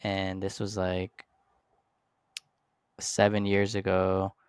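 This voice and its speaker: A male podcast host asking a guest questions in a halting, hesitant way. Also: sits low, completely flat delivery, clear, resonant tone, no echo. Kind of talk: interview chat.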